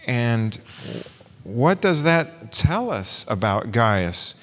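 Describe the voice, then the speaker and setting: A man's voice: medium pitch, big pitch swings, very slow, fairly bright tone, in a large hall. A man preaching a sermon, posing rhetorical questions and reading scripture aloud.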